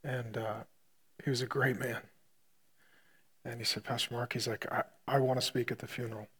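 A male pastor preaching, retelling a hospital story with loud punchy bursts that drop to a quiet hush. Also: medium pitch, flat delivery, normal speed, husky. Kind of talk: sermon storytelling.

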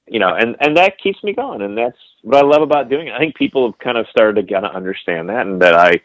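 A man's voice: medium pitch, lively intonation, fast talker, no echo. A man being interviewed as a guest photographer, talking in long rambling stories full of restarts and fillers. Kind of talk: casual interview chat. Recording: slightly dull, dry podcast audio.

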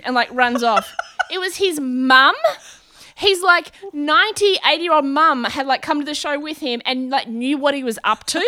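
A woman, a comedian guest on a podcast, chatting and telling an animated, rambling story. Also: high voice, normal speed, no echo, studio quality. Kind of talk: casual chat, storytelling.

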